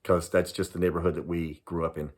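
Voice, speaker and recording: A man in his sixties from Southern California, a retired police sergeant and private investigator, telling a personal story to camera in an animated, dramatic way. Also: low-pitched, quick pace. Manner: animated, dramatic storyteller who acts out voices and laughs.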